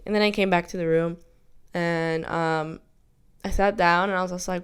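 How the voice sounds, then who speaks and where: Smooth-voiced young woman, rambling reflectively. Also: on the low side, fairly even intonation, a little fast. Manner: rambling, self-reflective, many fillers and restarts. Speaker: vlogger. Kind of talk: casual personal storytelling.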